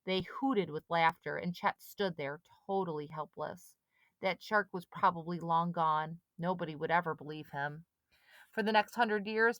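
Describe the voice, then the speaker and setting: A woman reading a children's storybook aloud with steady, dramatic pacing. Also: on the low side, no room sound. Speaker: audiobook reader. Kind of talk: storybook narration.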